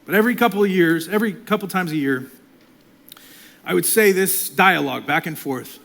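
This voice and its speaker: A middle-aged male pastor preaching a sermon, swinging from loud, impassioned lines to hushed whispers. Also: sits high, fairly quick, vocal fry.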